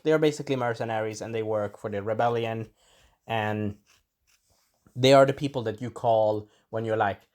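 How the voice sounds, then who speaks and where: A man of middling pitch talks through an episode review in a loose, rambling way. He corrects himself mid-sentence and stops now and then to clear an irritated throat. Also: darkish tone. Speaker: show reviewer. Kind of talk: casual spoken episode review.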